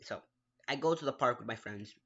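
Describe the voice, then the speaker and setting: A man's voice: medium pitch, brisk, fairly bright tone, husky, highs cut off. A man telling a personal story in a casual, rambling way, restarting sentences, making his own mouth sound effects and often apologizing. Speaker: gaming vlogger.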